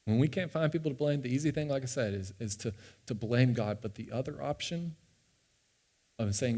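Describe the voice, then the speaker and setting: Man, young pastor, storytelling sermon, earnest, animated, stumbling restarts, church. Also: mid-range voice, brisk. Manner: earnest and animated, often repeating words as he restarts. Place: church sanctuary.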